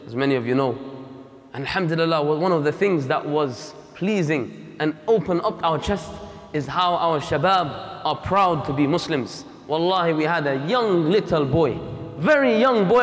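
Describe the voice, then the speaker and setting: A man giving a Friday sermon in a mosque, impassioned and emphatic, repeating key lines and mixing in Arabic phrases. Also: a little high. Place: mosque prayer hall. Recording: long reverb of a mosque hall.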